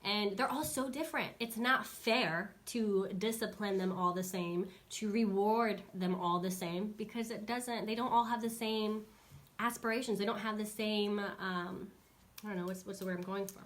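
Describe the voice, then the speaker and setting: Chatty woman in her thirties, dog trainer, casual live-stream talk, lively delivery. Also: normal speed. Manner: chatty, animated, acts out dogs and kids in high squeaky voices.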